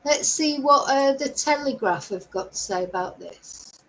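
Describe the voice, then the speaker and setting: Middle-aged woman, high voice, unhurried, opinionated livestream host. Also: expressive, a bit bright, a little hiss or hum, rough recording. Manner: opinionated, asks the audience lots of rhetorical questions. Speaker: true crime channel host. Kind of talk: livestream commentary to viewers.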